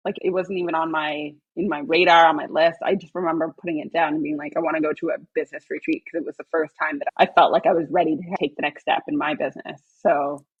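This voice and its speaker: Woman podcast host, husky and excitable, replays her own reactions in her stories; mid pitch, dry mic. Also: fast, few pauses, dry recording, phone-quality sound. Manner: excitable, acts out her own past words. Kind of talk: casual podcast conversation.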